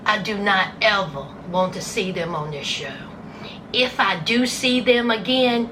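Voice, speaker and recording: A woman's voice: medium pitch, measured pace, noisy background. A woman giving casual, sarcastic commentary on a reality show, acting out scenes in put-on voices.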